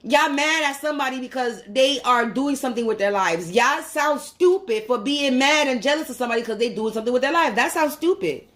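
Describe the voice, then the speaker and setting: Heated high-voiced woman ranting. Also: animated, fairly quick, hardly any pauses, fairly bright tone. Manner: heated, profane, repeats herself. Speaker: vlogger. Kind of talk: angry rant to camera.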